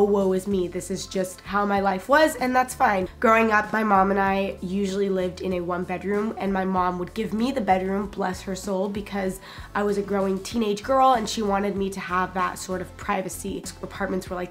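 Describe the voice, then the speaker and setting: A woman in her twenties talking to her viewers in a casual vlog, her voice hoarse and scratchy from illness. She speaks in a chatty, candid way. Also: mid-range voice, a bit bright. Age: 20s. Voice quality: raspy like a smoker. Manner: chatty and candid, with small laughs. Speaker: YouTuber. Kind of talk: casual vlog talk to camera.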